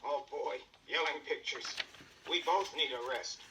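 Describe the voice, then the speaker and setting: A man's voice: a little high, a little slow, distant mic, noisy background, pitched above the performer's own voice, lightly acted. A man doing a brash, jumpy thief, Max. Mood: nervous. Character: boastful, jumpy adult male thief sidekick.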